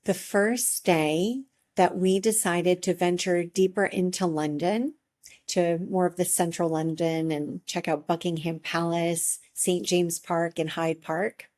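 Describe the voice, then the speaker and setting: A middle-aged woman life coach giving a reflective motivational talk, speaking gently and encouragingly with long pauses. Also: lowish voice, steady tone.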